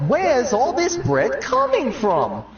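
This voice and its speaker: A man putting on a goofy young man who acts surprised at his own tricks, in a squeaky, mock-surprised voice. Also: wildly swooping pitch, slow, distant mic, soft background music, heavily acted. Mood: mock surprise. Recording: muffled, roomy, from off the mic.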